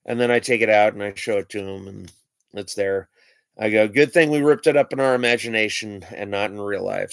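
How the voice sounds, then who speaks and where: A man's voice: on the low side, fairly bright tone, clear, resonant tone, dry recording. A man casually showing his trick cards on a stream, rambling and hesitant, with many fillers and restarts. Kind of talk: casual show-and-tell of magic cards.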